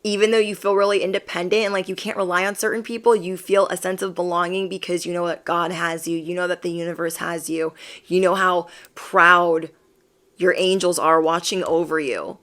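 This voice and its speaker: A woman's voice: on the low side, little pitch movement, brisk, a bit bright. A woman giving an emphatic pick-a-card tarot reading, repeating affirmations. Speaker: tarot reader.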